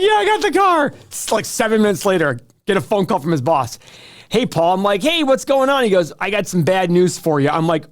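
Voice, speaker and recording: Male podcast co-host, chatty and animated, acts out every phone call he retells. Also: high voice. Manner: animated storytelling, acting out quoted calls. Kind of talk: casual chat.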